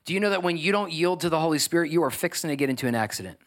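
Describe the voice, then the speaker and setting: A man preaching a sermon, building to emphatic, energetic exhortation. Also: a little high, very fast. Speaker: pastor.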